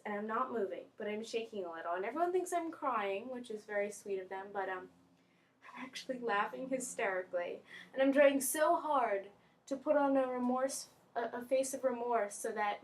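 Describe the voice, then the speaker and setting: Animated young woman telling a story. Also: a little high. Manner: animated, squeals and laughs at her own story. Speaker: vlogger. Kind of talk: casual storytelling.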